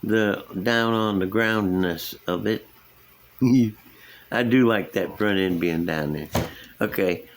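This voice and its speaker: Slow-talking folksy man. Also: fairly low pitch, slight background noise. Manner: folksy, rambling, chuckles at himself. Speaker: scale model builder, channel host. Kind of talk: casual hobby vlog, showing builds.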